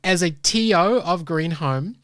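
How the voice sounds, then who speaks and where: A woman narrating a tabletop game as game master, descriptive and unhurried. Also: fairly low pitch, expressive, a bit bright, dry recording, clean studio sound.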